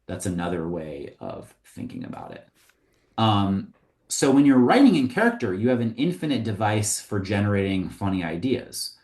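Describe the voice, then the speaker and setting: A man teaching comedy writing in a casual, conversational way, often pausing with "um" and "like". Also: lowish voice, wildly swooping pitch, gravelly, a little mellow. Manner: conversational, with frequent ums and likes. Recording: roomy echo.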